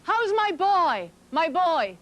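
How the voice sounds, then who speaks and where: A woman's voice: very high-pitched, big pitch swings, slow, fairly bright tone, full character voice. A woman voicing a proud, anxious mother who demands news of her sailor son, in a dramatic poetry recitation. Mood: pleading. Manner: insistent, pleading.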